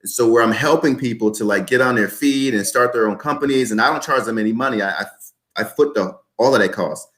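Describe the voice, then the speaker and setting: A man's voice: medium pitch, brisk, a bit bright. A man in his twenties, a podcast guest, talking emphatically and repeating his points like a motivational speaker. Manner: emphatic, repetitive motivational talk. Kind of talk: podcast interview.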